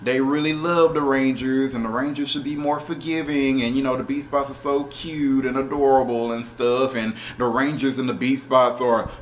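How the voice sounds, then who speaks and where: A man reviewing a show episode in casual, animated talk, exasperated and profane, with laughing asides. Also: mid-range voice, normal speed, hardly any pauses, a little hiss or hum.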